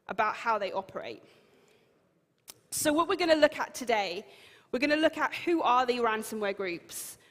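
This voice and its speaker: A woman from the United Kingdom with a British accent, giving a conference talk in a chatty, self-deprecating and emphatic way. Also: sits high. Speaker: keynote speaker. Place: large conference hall. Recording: long hall reverb.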